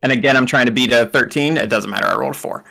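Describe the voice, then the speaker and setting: A man narrating as game master of a tabletop game, making brisk rulings and laughing often. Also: medium pitch, gravelly, pushed and bright.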